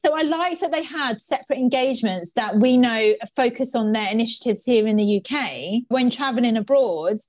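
A woman's voice: a little high, normal speed, few pauses. A woman co-hosting a podcast, telling stories with frequent giggles. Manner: giggly, animated storytelling. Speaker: podcast co-host. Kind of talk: casual chat.

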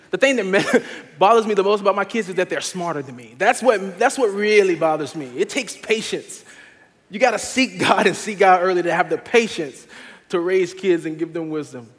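A young man preaching an earnest sermon to his church, moving from quiet urging to loud, laughing stories about family life. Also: high voice, in a large hall. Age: young adult. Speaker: pastor.

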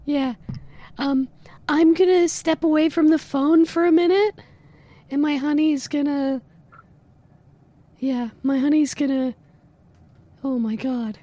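A woman's voice: high voice, fairly even intonation, slow pace, pauses often, mellow, dry recording. A woman host on a comedic prank phone call, bossy, teasing and mock-seductive. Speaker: prank caller, podcast host.

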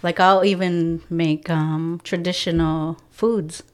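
A guest from a First Nations reserve community, who works as a community outreach organizer, tells a story in relaxed podcast conversation. Her voice is low, smooth and resonant, and she speaks slowly. She's an animated storyteller who acts out the voices of people she quotes and laughs often.

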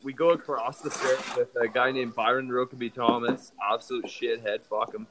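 A man's voice: mid-range voice, fairly even intonation, moderate pace, noisy background. A young man co-hosting a podcast, telling a party story in brash, boastful, profane casual chat.

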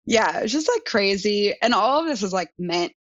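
A woman's voice: mid-range voice, expressive, moderate pace, no room sound. A young woman telling a story in casual chat, full of "like" fillers. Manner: chatty, frequent "like" fillers. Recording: dull, dry sound.

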